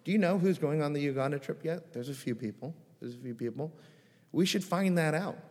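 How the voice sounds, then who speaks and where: A man's voice: fairly high pitch, a little fast, darkish tone. A male pastor delivers a sermon with a slightly raised voice. He pleads earnestly and keeps asking the congregation questions in a conversational tone. His words ring out with a long reverb through a church hall. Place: church sanctuary.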